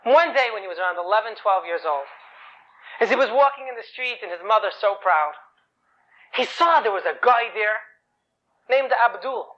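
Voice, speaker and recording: A man's voice: high-pitched, lively intonation, moderate pace, long pauses, pushed and bright. A man telling an inspirational story in a chatty way, often asking rhetorical questions. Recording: dull lo-fi recording.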